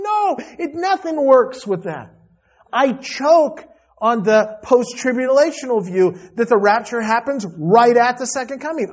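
A man's voice: extremely high pitch, a little mellow, muffled recording. A man preaching a sermon to his church, earnest and emphatic, often repeating himself and restarting phrases. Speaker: pastor.

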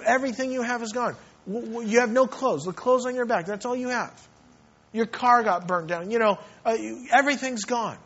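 Pastor, male, high voice, earnest sermon delivery with repeated words, dull lo-fi church recording. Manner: earnest, repeats words, rising to emphatic questions.

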